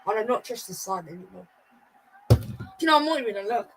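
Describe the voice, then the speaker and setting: Husky anxious woman fan. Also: mid-range voice, animated, fast, poor audio. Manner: anxious, pleading fan chatter. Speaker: livestream watchalong host. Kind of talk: casual live match reactions.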